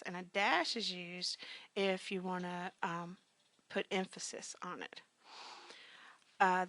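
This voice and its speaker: A woman's voice: mid-range voice, vocal fry, a bit bright, no echo. A woman teaching business communications in a recorded grammar lecture, talking conversationally with frequent fillers and punchy emphatic asides.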